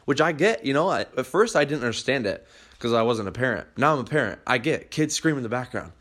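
A man's voice: mid-range voice, expressive, fast, fairly bright tone. A young man hosting a podcast, talking bluntly and animatedly, swearing freely as he gives motivational advice. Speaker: podcast host.

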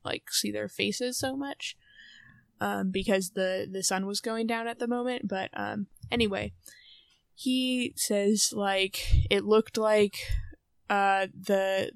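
A woman's voice: mid-range voice, no room sound. A young woman co-hosting a podcast, summarizing a novel in a casual, rambling way with many fillers. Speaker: podcast co-host. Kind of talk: casual book discussion.

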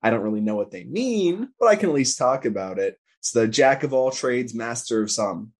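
A young man talking casually as a podcast guest, quick and chatty, with lots of "like" fillers. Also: medium pitch, expressive, a little mellow. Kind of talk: casual conversation.

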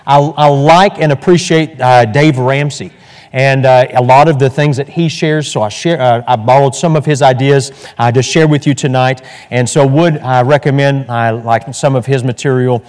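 A man's voice: medium pitch, steady tone, moderate pace, darkish tone. A male pastor teaching an evening church lesson in a folksy, chatty way, full of fillers and restarts. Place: church hall. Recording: echoey hall.

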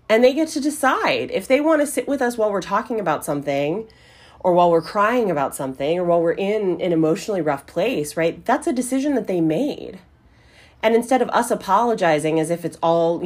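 Husky-voiced woman hosting a podcast. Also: fairly low pitch. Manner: conversational, often checks in with "right?", casual swearing. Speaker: podcast host. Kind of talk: solo podcast monologue.

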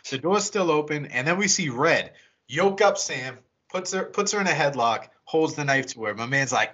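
Profane bright-voiced man recapping a movie. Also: on the high side, dull audio. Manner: profane, animated retelling with quick character voices. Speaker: podcast co-host.

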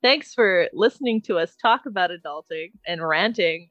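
A woman's voice: lowish voice, expressive, normal speed, hardly any pauses, fairly bright tone, faint music behind. A woman co-hosting a casual podcast, rambling, swearing freely and laughing often. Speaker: podcast co-host. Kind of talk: casual chat.

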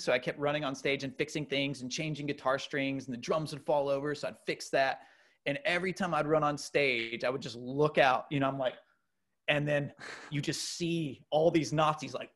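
Middle-aged guy telling a story, rambly and animated, lots of ums and restarts, normal pitch. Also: brisk. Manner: loose and animated, many fillers and restarts. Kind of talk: casual storytelling chat.

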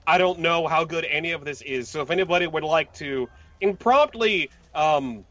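A man playing in a tabletop game, cautious and easygoing, with a voice sitting a little high for a man. The sound is dull and lo-fi. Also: normal speed, a bit bright, dry recording. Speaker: player. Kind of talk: in-character tabletop role-play. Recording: dull lo-fi mic.

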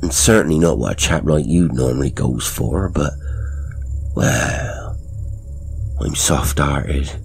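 A man's voice: rumbling low, takes it slowly, gravelly, pauses often, slight background noise, exaggerated voice. A man voicing a plump, creepy male lorry driver who speaks in a rustic working-class dialect and sounds apologetic and ingratiating.

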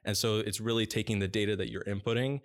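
A man with a notably deep, low voice talks through ideas in long explanatory stretches. He is a dog training business owner being interviewed, and he fills his pauses with a relaxed "uh" as he goes. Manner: fluent, explanatory, with frequent "uh" pauses.

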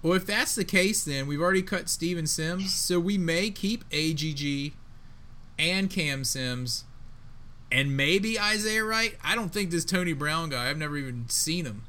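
Man, bright ringing voice, fairly high, excitable, emphatic, casual sports chat. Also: measured pace. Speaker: podcast co-host.

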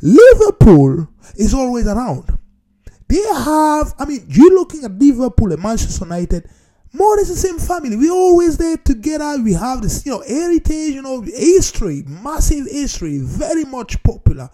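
A man talking casually to his viewers in a playful, animated way, often repeating phrases for emphasis and calling his audience "people". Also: very high-pitched, moderate pace. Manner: non-standard grammar, repeats phrases for emphasis. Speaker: vlogger. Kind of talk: casual talk to camera.

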